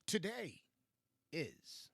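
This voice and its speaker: A man's voice: on the high side, wildly swooping pitch, drawn-out words, vocal fry, slightly rough, dry recording. A man with a Los Angeles accent hosting a rambling solo talk show at his home computer, meandering, interrupting himself, swearing casually and laughing often. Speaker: podcast host.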